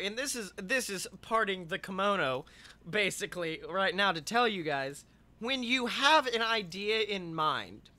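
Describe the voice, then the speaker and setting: A young man co-hosting a podcast, chatting casually and acting out funny stories with lots of swearing. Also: sits high. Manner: animated storyteller, swearing, acting out quotes. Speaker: podcast co-host. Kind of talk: casual chat.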